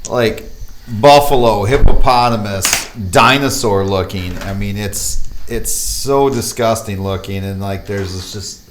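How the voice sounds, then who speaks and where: A man narrating as dungeon master of a tabletop game, describing scenes in a halting way with many fillers. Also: lowish voice. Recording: echoey room with clear noise.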